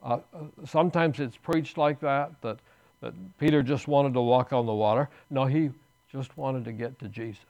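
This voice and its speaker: Male pastor, mid-pitched, earnest sermon delivery with emphatic bursts, in church. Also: steady tone, normal speed, a little mellow. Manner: earnest preaching with restarts, rising to emphatic bursts.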